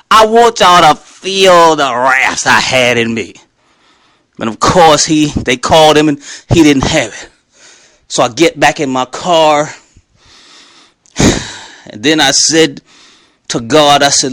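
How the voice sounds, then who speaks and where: A man giving an animated Christian testimony, emphatic and talking straight to his listeners. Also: on the high side, takes it slowly, pauses often, no echo. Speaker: Christian speaker.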